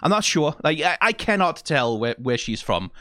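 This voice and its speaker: A man's voice: a little high, big pitch swings, moderate pace, bright, forceful tone, dry recording, clean studio sound. A young Danish man with a Danish accent, casually musing and rambling through a reaction video. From Denmark. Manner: musing, rambling, many restarts and laughs.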